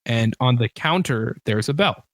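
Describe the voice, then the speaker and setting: A man's voice: mid-range voice, animated, moderate pace, a bit bright, no room sound, studio quality. A man narrating a tabletop game as game master, casual and rambling, with many fillers and self-corrections.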